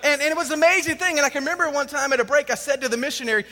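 High, bright-voiced preacher in a reverberant hall. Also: male voice, racing, gravelly. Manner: animated, emphatic storyteller. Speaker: pastor. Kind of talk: sermon with personal storytelling.

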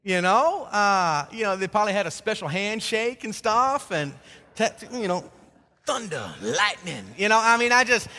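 A man with a high, bright voice delivers a sermon, chatty and full of restarts and repeated words. He slips into quoted voices as he tells the story. His voice rings through a large reverberant hall. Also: lively intonation, normal speed. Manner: acts out quoted speakers in dialogue. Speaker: pastor.

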